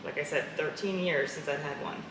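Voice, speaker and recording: Interview guest: woman with a low-pitched voice, animated storyteller, recorded in an echoey noisy room. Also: brisk. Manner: animated storyteller, laughs often. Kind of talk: casual interview conversation. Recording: echoey room with clear background noise.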